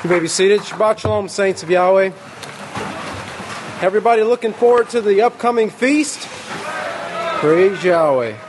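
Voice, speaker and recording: A man's voice: high-pitched, normal speed, pauses often, noisy background. A man preaching a sermon to a congregation, greeting them first and then working through his points with frequent restarts. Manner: warm greeting, many "uh" restarts.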